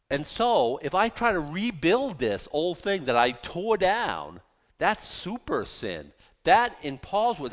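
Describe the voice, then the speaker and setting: A man preaching a sermon in an animated, mocking way, full of rhetorical questions. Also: fairly high pitch, big-room sound. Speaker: pastor.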